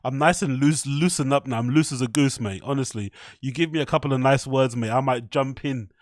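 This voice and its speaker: A man's voice: mid-range voice, fairly quick, dry recording, studio quality. A young man talking loosely to his live stream chat, laughing often and swearing casually.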